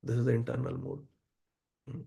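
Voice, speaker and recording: A man's voice: medium pitch, level tone, a little fast, creaky, warm tone, breathy edge. A man giving a devotional scripture class, speaking earnestly and addressing listeners directly.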